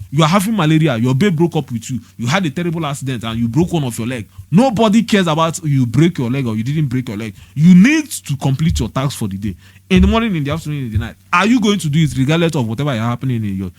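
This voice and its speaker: A man's voice: fairly high pitch, sing-song, fast talker, dry recording, studio quality. A young Nigerian man giving a preachy, scolding monologue, hammering the same points with rhetorical questions. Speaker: motivational vlogger.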